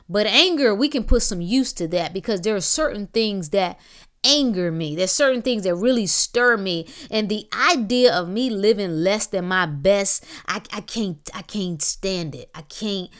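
A woman hosting a podcast, giving an emphatic motivational monologue in casual slang with drawn-out exclamations. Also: mid-range voice, fairly bright tone. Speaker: podcast host.

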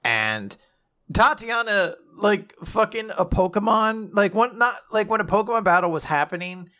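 A man casually recapping a story with animated delivery, laughing often and acting out the characters. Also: high voice, moderate pace.

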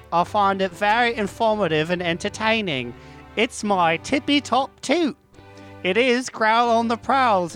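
A man's voice: sits high, fairly bright tone, pitched above the performer's own voice. A man putting on a Cockney accent to voice a chatty, folksy woman fan who is prim and gossipy, in a sing-song manner that turns crude. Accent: Cockney, put on.

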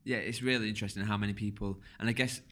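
A man hosts a podcast in an easygoing, conversational way. His voice sits a bit low, and his words slur together when he talks fast. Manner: relaxed, slurs words when talking fast. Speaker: podcast host.

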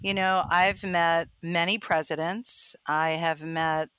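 A woman in her fifties, a photographer guest, telling anecdotes in a bubbly, animated way and acting out the voices in them. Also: lowish voice, takes it slowly, smooth, dry recording. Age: 50s. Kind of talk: casual interview storytelling.

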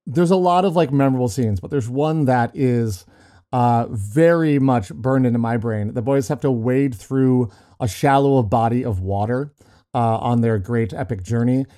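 Middle-aged male podcast host; warm, mellow voice; casual storyteller who restarts lines. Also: mid-range voice, normal speed. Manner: chatty, storytelling with frequent restarts and laughs. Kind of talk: casual chat.

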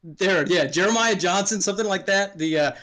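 A man's voice: high voice, a little fast, fairly bright tone. A middle-aged man, a game designer guest, chatting casually on a podcast, rambling through stories with chuckles and restarted sentences.

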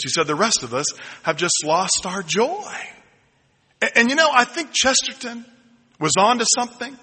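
A middle-aged man preaching from the pulpit, his voice sitting a touch high and ringing bright. He tells warm personal stories with self-deprecating humor. The sound carries a long reverb from the church hall. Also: lively intonation, normal speed, breathy edge. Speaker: pastor. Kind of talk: sermon. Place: church sanctuary.

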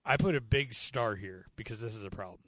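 A man co-hosting a casual movie review podcast, animated and fond of acting out scenes in put-on voices. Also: on the low side, fairly quick, dry recording. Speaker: podcast co-host.

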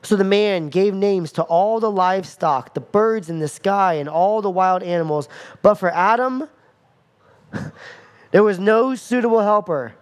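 A man preaching a sermon as pastor, animated, acting out scenes with playful asides. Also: high-pitched, a little slow, smooth.

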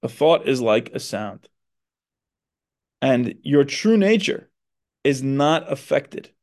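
A man's voice: mid-range voice, very animated, slow, darkish tone. A man who is a psychotherapist and podcast host, talking earnestly in a reflective monologue and stressing his points. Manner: earnest, explanatory, with emphatic stresses.

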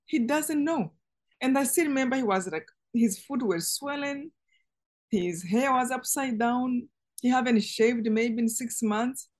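Interview guest, woman, fairly high voice, earnest and emotional, halting delivery with restarts. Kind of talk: personal testimony in conversation.

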